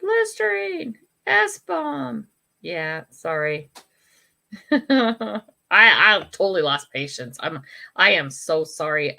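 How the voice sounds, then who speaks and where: Reading and responding to viewer comments on her casual livestream, an older American woman is frank and chatty, laughing a lot and stopping to apologize. Her fairly low voice is gravelly, pushed and bright.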